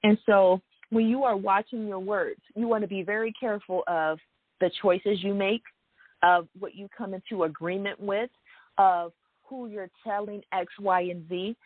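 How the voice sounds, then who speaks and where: A woman's voice: medium pitch, a little slow, no echo. A grown woman giving a frank personal faith testimony, speaking earnestly and emphatically with frequent "you know" and "right?" asides. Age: adult. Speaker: faith vlogger. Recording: dry, phone-like audio.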